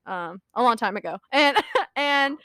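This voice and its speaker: A young woman chats on a podcast in a high, bright, sharp voice, rambling through a story and giggling mid-sentence. The sound is close and dry, with no room around it. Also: lively intonation, unhurried, dry recording. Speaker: podcast co-host. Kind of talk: casual storytelling chat.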